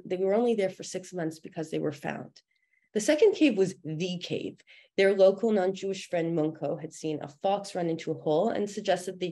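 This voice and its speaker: A woman's voice: fairly low pitch, dark tone. A young woman presenting at a film discussion, telling a family story earnestly, with frequent "um" fillers. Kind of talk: personal talk at a presentation.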